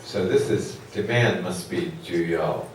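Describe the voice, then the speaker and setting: Speaking slowly in a low voice, a man gives a rambling classroom economics lecture full of fillers, putting questions to his students. The recording comes from far off in an echoey lecture hall, with a little hiss or hum.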